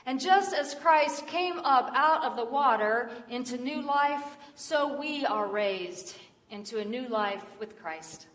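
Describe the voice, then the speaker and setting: A woman preacher giving a sermon, telling a story in a soft voice that drops low on solemn lines. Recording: echoey hall from far off.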